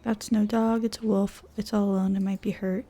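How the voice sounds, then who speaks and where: A woman's voice: medium pitch, level tone, fairly quick, warm tone, soft background music, lightly acted. A woman reading the lines of an eager teenage girl rider in a horse game.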